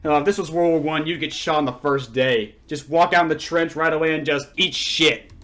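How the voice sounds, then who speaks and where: Man, sarcastic, profane, ranting commentary, bright edgy voice, slightly high. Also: fairly quick. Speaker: channel host. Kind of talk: angry response-video commentary.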